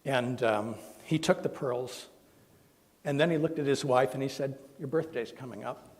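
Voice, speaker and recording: A male minister telling an emotional personal story during a sermon, with soft, tender quoted voices. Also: medium pitch, measured pace. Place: church sanctuary. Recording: long hall reverb.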